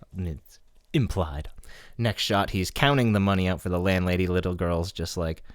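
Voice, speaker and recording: A man's voice: low-pitched, moderate pace, no room sound, clean studio sound. A man co-hosting a podcast, casually recapping a TV episode and swearing now and then. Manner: laid-back, swears casually. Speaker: podcast co-host.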